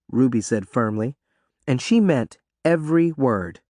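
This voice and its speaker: A man narrates a novel in an expressive, animated manner, his pitch rising and falling freely. The recording is dry and close. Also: measured pace, dry recording. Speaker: audiobook narrator. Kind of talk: scripted audiobook narration.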